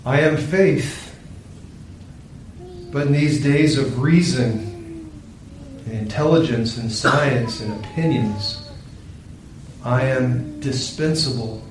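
A man voicing a resigned talking candle of faith, speaking slowly. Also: mid-range voice, background noise, lightly acted. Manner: slow, resigned. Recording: very echoey room, distant mic.

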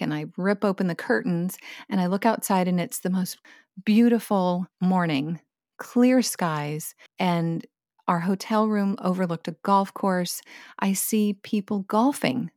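A woman's voice: fairly low pitch, measured pace, dry recording, studio quality. Woman telling a vivid personal story. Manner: vivid, expressive retelling with bursts of laughter. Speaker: guest sharing her experience.

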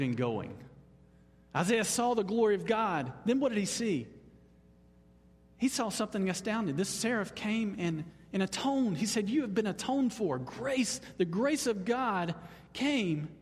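A man pastor preaching a Sunday sermon in an animated, emphatic way. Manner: animated, emphatic, leaps up in pitch on exclamations. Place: church sanctuary. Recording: long hall reverb.

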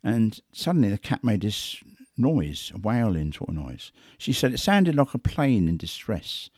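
Unhurried and fairly low-pitched, this man speaks as a big cat investigator, relating stories conversationally. He livens them up by acting out quotes and sounds, and the studio-quality recording is dry.

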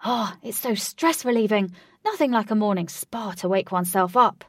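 A woman voicing a soft, earnest young hero. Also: a little high, animated, moderate pace, slightly rough, dry recording, clean studio sound, distant mic, pitched above the performer's own voice. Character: gentle young male hero riding a horse.

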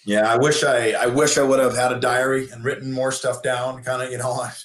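A man's voice: medium pitch, little pitch movement, brisk, fairly bright tone. A man in his fifties, a former pro athlete turned coach, telling long stories casually with many fillers and restarts. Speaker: interview guest, former pro hockey player turned coach. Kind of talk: casual storytelling. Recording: echoey room.

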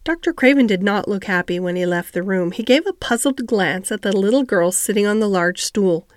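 Woman narrator, mid-pitched, steady storybook reading, dry sound. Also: a little fast, dry recording. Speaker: audiobook reader.

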